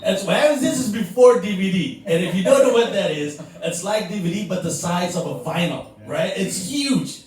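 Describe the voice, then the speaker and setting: A man's voice: high voice, normal speed, few pauses, darkish tone. A man in his forties from Indonesia headlining with a playful, confessional stand-up set. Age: 40s. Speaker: headlining comedian. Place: comedy club stage before a live crowd. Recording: echoey room, distant mic, faint noise.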